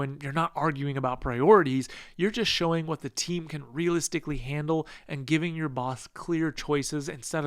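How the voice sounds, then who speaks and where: A man coaching managers in a calm, measured, instructive monologue. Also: a little high, no echo, clean studio sound. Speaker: leadership coach.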